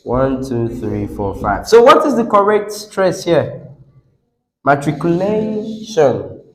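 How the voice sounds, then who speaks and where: A man's voice: mid-range voice, very animated, a little slow, a bit bright, poor audio. A man with a Nigerian English accent teaching a classroom lesson on word stress, coaxing the class, repeating words and asking questions.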